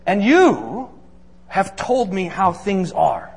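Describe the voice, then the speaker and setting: A man's voice: high voice, big pitch swings, takes it slowly, vocal fry, breathy edge. A man preaching as a pastor, earnest and emphatic, building points through repeated lists in a sermon. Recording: long reverb of a large hall.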